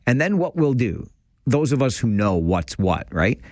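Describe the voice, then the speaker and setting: A man's voice: mid-range voice, very animated, normal speed, darkish tone, no echo. A male radio host on a studio mic, with a voice that swings widely up and down as he jokes with callers. His delivery is playful and teasing. The sound is dry and close. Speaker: radio talk show host. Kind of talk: radio call-in chat.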